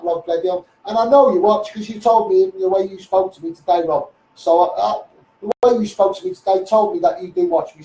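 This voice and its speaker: A man's voice: high-pitched, dark tone, distant mic. Combative Liverpool man ranting, echoey. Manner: blunt, combative, swearing, addressing officials directly. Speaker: social media campaigner. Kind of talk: angry Facebook Live rant.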